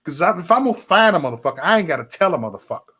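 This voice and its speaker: A man hosting a live stream, venting at trolls in chat with heavy cursing. His pitch swings up and down a lot as he mocks and scolds. He talks loosely, as if to regulars. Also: racing, husky. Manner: profane, animated, mocking chat trolls. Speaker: livestream host.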